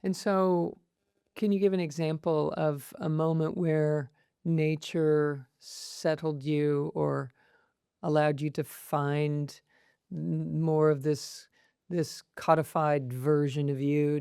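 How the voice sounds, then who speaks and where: A woman's voice: low-pitched, level tone, takes it slowly, warm tone, clean tone, no room sound, studio quality. A woman hosting an interview podcast, asking thoughtful, searching questions. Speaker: host.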